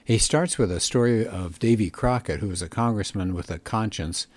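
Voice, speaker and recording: Earnest man with a husky voice. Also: lowish voice, normal speed, no room sound. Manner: earnest and reflective, musing aloud. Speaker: book review host. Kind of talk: conversational book commentary.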